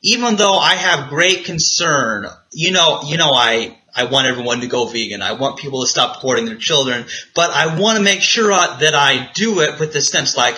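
Man, earnest discussion guest, bright tense tone, very lively pitch. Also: normal speed, hardly any pauses, rough recording. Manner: earnest, animated, acts out quoted voices. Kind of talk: casual discussion.

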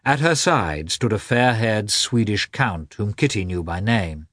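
A man narrating a classic novel as an expressive audiobook reader. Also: fairly low pitch, measured pace, no echo, studio quality. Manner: expressive, varied reading. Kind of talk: scripted narration.

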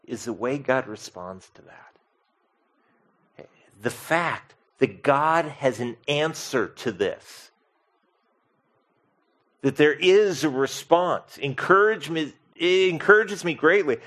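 A man delivers a sermon, his voice sitting a little high for a man. He swings from hushed, drawn-out phrases to loud, pressing questions aimed at the congregation. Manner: expressive, swings from soft to loud. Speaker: pastor.

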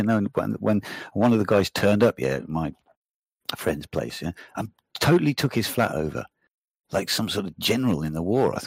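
Low husky man telling rambling stories. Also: quick pace, dry recording, studio quality. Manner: rambling, swearing, animated storytelling. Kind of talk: casual chat.

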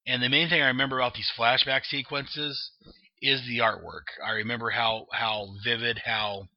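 A man who reads and reviews comic books describes one at a moderate pace, his medium-pitched voice holding a steady tone. He rambles with frequent fillers and restarts, and the dry recording is dull and lo-fi.

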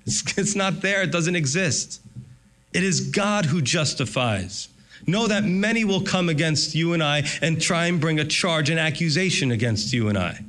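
A man preaching a sermon as pastor, animated, briefly acting out the voices of others in his story. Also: on the high side, moderate pace, hardly any pauses. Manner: animated, acts out voices of God and Satan.

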